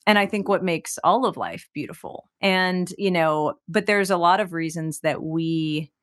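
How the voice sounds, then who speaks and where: A woman from Texas, a singer-songwriter, speaks as an interview guest in a lowish, slightly bright voice at an unhurried pace. She's reflective and candid, says "like" a lot, and laughs easily.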